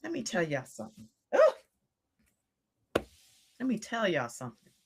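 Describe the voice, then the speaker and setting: A woman's voice: medium pitch, huge pitch swings, moderate pace, creaky, husky. Emphatic older woman coaching on a live stream. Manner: emphatic, repeating phrases for stress.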